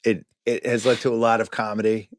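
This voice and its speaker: A man's voice: on the low side, little pitch movement, brisk. A man hosting a casual movie podcast, steering the chat with jokey questions. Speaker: podcast host.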